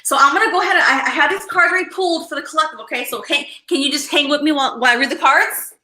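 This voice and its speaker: A woman hosting a live collective tarot reading, excitable and rambling, who keeps checking in with her listeners. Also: high voice, racing, roomy sound, poor audio. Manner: excitable and rambling, with frequent "okay?" and "right?" check-ins. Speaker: tarot reader and livestream host.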